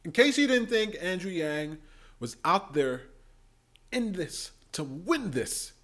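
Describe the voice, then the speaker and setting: A man vlogger giving excited, gushing commentary on debate clips, often mimicking the people he talks about. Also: high voice, takes it slowly. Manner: animated and gushing, mimicking voices.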